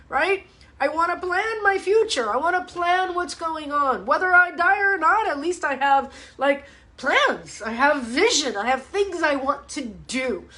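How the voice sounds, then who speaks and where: A woman fitness coach rants bluntly to her live viewers. Her voice is high, bright and forceful. She swears freely and talks in a casual, animated way. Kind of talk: live ask-me-anything chat. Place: home, livestream. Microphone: webcam or phone mic.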